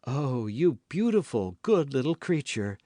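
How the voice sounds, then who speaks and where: A man voicing a scheming noblewoman who speaks in a smooth, guarded, falsely warm way. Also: mid-range voice, sing-song, measured pace, dry recording, voice pushed up. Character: scheming noblewoman, cold, cunning, falsely sweet.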